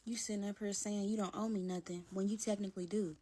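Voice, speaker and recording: A woman's voice: medium pitch, fairly even intonation, fast, dark tone, close to an everyday voice. Woman quoting a crude, controlling young swindler. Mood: hostile. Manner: aggressive, crude and dismissive.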